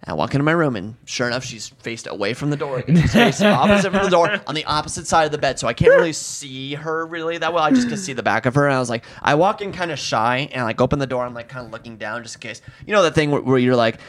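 A man in his twenties, a podcast co-host, telling a story in a casual, animated way, swearing freely and acting out what people said. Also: on the high side, fast talker, hardly any pauses. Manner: animated, swearing, acts out quotes.

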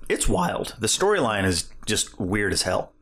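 A man's voice: lowish voice, sing-song, fairly bright tone. A young man co-hosting a podcast, asking curious questions and nodding along in casual chat. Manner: curious interviewer, quick affirming backchannels. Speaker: podcast co-host.

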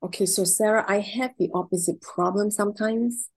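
A woman's voice: mid-range voice, steady tone, normal speed, breathy edge, rough recording. A middle-aged woman being interviewed, telling heartfelt personal stories in an emotional, effusive way and repeating words when she is moved.

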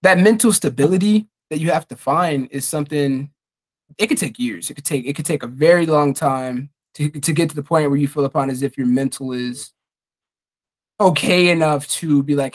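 A young man talks openly on a casual podcast, earnest and heartfelt, with plenty of swearing. His voice sits fairly high for a man. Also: moderate pace. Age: young adult. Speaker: podcast host.

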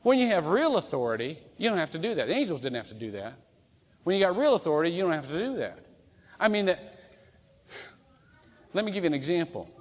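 A man preaching a sermon as pastor, animated and humorous, acting out quoted voices as he goes. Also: fairly high pitch, quick pace, long pauses. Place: church sanctuary. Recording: reverberant church hall.

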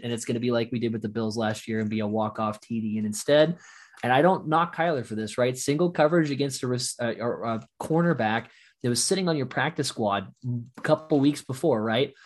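A man co-hosting a casual sports talk show, telling an emotional fan story with animated bursts, his voice still recovering from shouting. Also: medium pitch. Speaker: podcast co-host.

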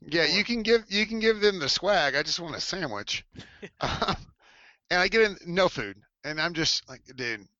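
A man's voice: high-pitched, moderate pace, dry recording, lo-fi sound. A man around forty telling a story in casual chat, laughing often and acting out other people's lines in changing voices. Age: 40s. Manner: animated, laughing, acts out quotes in shifting voices. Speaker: former cheerleader telling a story. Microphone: headset mic.

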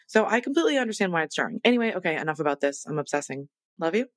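A woman's voice: fairly low pitch, big pitch swings, racing, no echo. A woman hosting her own podcast, talking casually and chattily in a self-deprecating, rambling way. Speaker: podcast host. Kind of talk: casual solo podcast intro.

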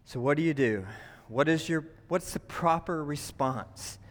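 A man's voice: a little high, a little slow. A man preaching a sermon to his church, emphatic, often asking "right?" to the room. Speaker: pastor. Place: church sanctuary. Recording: long hall reverb.

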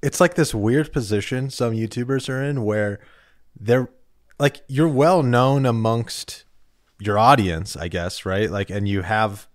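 A man's voice: medium pitch, unhurried. A man hosting a casual podcast chat, summing things up in long run-on thoughts.

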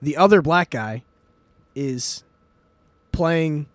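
A man's voice: fairly high pitch, animated, extremely slow, dry recording. A man hosting a podcast in casual chat, retelling things in a rambling way with many fillers and swearing. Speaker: podcast host.

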